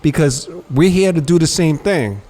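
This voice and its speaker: On a relaxed podcast, this male co-host speaks at a moderate pace in a slightly high voice. He tells stories with animation, performing the quoted lines in street slang.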